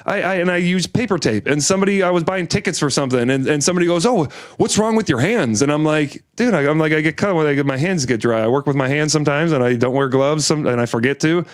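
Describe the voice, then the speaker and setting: A man's voice: a little high, fast talker, hardly any pauses, smooth, no room sound, studio quality. A man from Michigan telling exasperated, profane stories in a casual chat. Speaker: podcast co-host.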